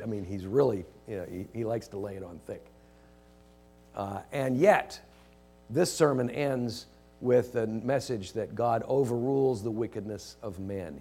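A man preaching a sermon, rushing through it with many restarts, rising to emphatic quoted lines and dropping low and quiet. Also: husky. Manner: hesitant restarts, rushed.

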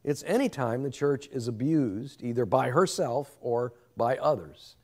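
A man's voice: mid-range voice, lively intonation, measured pace, darkish tone. A man giving a Bible lesson, speaking earnestly and reverently and thinking aloud as he teaches.

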